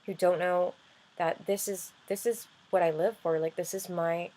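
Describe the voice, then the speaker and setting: A woman talking earnestly in a personal vlog, halting and restarting often as she explains her life with a chronic illness. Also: fairly low pitch, steady tone, mellow, poor audio. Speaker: vlogger and music artist.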